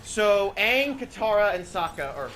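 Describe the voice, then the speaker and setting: A young man in casual voice chat while gaming, animatedly mocking a movie with swearing and quick retellings. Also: sits high, big pitch swings, a bit bright. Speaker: channel host.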